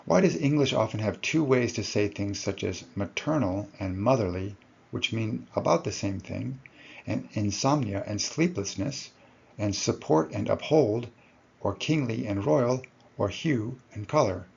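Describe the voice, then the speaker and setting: A man's voice: lowish voice, expressive, a little slow, gravelly, a little mellow, breathy edge, highs cut off. A man giving a recorded lecture to his students, explaining step by step and correcting himself as he goes.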